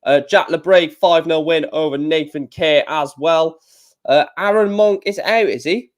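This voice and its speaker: A man's voice: fairly high pitch, unhurried. Chatty man reading darts scores. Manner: chatty, reads out scores and chat, many fillers. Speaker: live stream host. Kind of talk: casual live-stream commentary.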